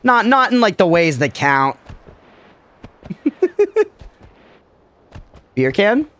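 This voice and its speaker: Chatty higher-voiced male streamer. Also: very animated, slow, sharp tone, clear, resonant tone. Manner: joking, chatty, answers chat messages aloud. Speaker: gaming streamer. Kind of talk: casual live-stream chat over gameplay.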